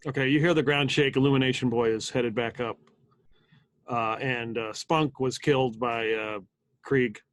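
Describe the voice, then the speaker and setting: A man in the game master's seat, describing the scene in a measured, halting way and stopping often on fillers. His voice sits in a middle register. The recording is dry and close, with almost no room sound. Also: medium pitch, steady tone, a bit bright, no room sound. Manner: hesitant, filler-heavy narration. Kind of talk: running a tabletop game over voice chat.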